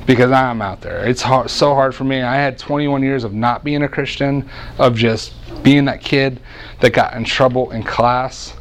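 A man in his thirties preaching a sermon as a lively, joking storyteller who often restarts his sentences. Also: mid-range voice, normal speed, slight background noise.

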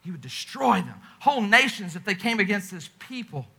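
A man preaching a sermon with passion, often dropping to a hushed, intense delivery. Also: sits high, very animated, a little fast, vocal fry, slightly rough. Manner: impassioned preaching with dramatic drops to a hush. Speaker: pastor.

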